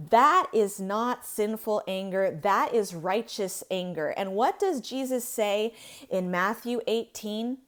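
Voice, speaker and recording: A woman in her thirties hosting a faith-based talk on recovering from abuse, speaking in an earnest, emphatic way that rises to intensity. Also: medium pitch. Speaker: podcast host.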